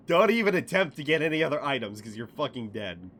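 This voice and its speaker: Excitable, profane man streaming a game. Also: medium pitch, a little hiss or hum. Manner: profane, excitable, laughing often. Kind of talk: casual gameplay commentary.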